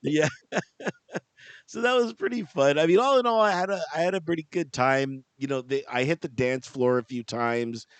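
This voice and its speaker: Telling a rambling story during a casual podcast chat, this co-host laughs frequently. His voice sits a little high, with a clean tone and normal speed, and there's no room sound.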